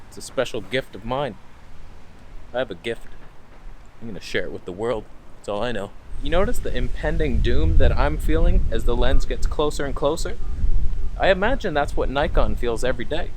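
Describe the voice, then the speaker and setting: A man's voice: mid-range voice, a little hiss or hum. A man ranting sarcastically in a camera review vlog, swearing often, recorded outdoors.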